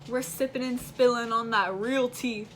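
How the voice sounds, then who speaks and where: Bright-voiced chatty young woman. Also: fairly high pitch, fairly even intonation, slight background noise. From central Illinois. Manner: chatty, quick to chime in, giggly. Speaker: co-host. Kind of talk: casual chat.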